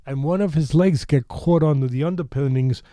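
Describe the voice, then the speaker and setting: A man in his sixties from New York tells a long story in a warm, low voice, drifting into asides. The recording is dry and close, a podcast studio mic with no room sound. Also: normal speed, dry recording. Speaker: boxing trainer, podcast guest. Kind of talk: animated storytelling.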